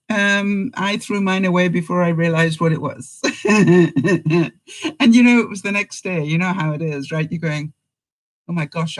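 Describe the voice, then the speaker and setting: A woman's voice: medium pitch, rough recording. An older woman hosting a casual live-stream chat, talking straight to her viewers and laughing often. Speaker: vlogger host.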